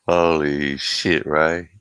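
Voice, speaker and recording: A man's voice: a bass voice, expressive, drawn-out words, a bit bright, smooth, no room sound. An Australian man hosting a live stream, chatting casually with viewers and swearing freely in a laid-back way. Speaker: live stream host reading chat. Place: at home in South Australia.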